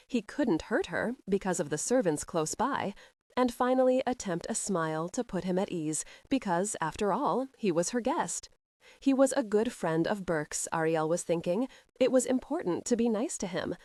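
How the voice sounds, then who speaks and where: Female narrator, steady audiobook read, dry close sound. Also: lowish voice, dry recording. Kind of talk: scripted narration.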